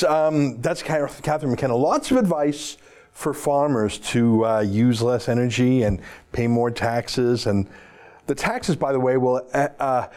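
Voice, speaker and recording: A man's voice: medium pitch, darkish tone. A man hosting an opinionated political monologue, talking in a sarcastic, mocking and emphatic way. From Canada. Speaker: political commentator host.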